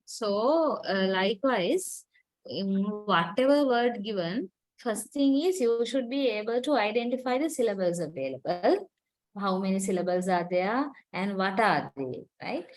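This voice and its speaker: A woman's voice: mid-range voice, expressive, unhurried, low-quality recording. A woman giving a university lecture, explaining patiently, quizzing students and using many fillers.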